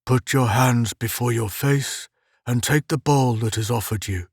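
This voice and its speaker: A man voicing a rasping, guttural inhuman captor. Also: medium pitch, unhurried, no room sound, studio quality. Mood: menacing. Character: menacing inhuman male captor, cold, commanding. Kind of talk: audiobook character reading.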